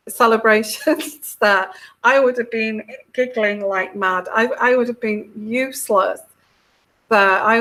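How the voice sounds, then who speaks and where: A woman's voice: a little high, fairly bright tone. A middle-aged woman, talking casually as a tarot reader, chatty and giggly, with many fillers and restarts. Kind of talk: casual monologue.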